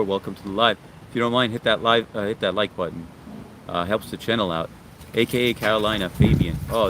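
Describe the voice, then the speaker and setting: A man from Long Island, hosting a casual livestream outdoors in the sun, reading viewer comments and greeting them by name in a relaxed, friendly way. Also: on the low side, a little hiss or hum. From Long Island, New York. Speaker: livestream host.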